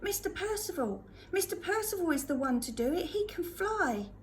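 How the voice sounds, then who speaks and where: A woman reading aloud, voicing an eager young boy who pleads excitedly. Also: very high-pitched, normal speed, slight background noise, pitched above the performer's own voice.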